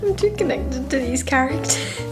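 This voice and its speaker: A young woman with a fairly high voice talks straight to her viewers in a casual book vlog. She gushes and rambles, caught up in her own feelings about the story. Soft music plays faintly underneath. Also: expressive, moderate pace. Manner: gushing, emotional and rambling. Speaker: book vlogger.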